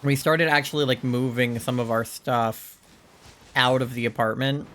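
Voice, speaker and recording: A man's voice: mid-range voice, steady tone, moderate pace, fairly bright tone. A man streaming a game, chatting casually and rambling, with frequent swearing and lots of "like" and "um". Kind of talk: casual chat while gaming.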